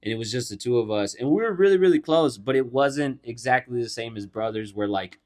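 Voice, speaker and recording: Young man, podcast co-host, casual storytelling, animated, cursing, acts out quotes. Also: medium pitch, a little fast.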